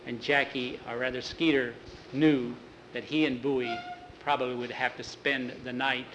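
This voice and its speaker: A man telling a spooky cemetery story out loud, with occasional restarts, slipping into voices for the characters. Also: a little hiss or hum, low-quality recording. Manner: unscripted retelling with restarts, lifts pitch for scared boys. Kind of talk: spoken storytelling, voicing characters.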